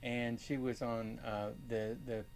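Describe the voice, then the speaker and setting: An older man hosting his own channel, chatting casually about his finds and rambling with many pauses and fillers. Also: mid-range voice, little pitch movement, darkish tone, slight background noise. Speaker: channel host and reseller. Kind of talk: casual chat.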